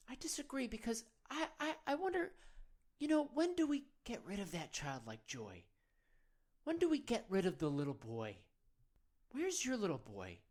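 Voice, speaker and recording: Earnest guru guy played by a man, coaxing, rambling, voice swoops up and down a lot. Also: fairly high pitch. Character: earnest self-serious male men's-wellness guru. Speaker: men's meditation guide. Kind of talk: comedic parody of guided meditation.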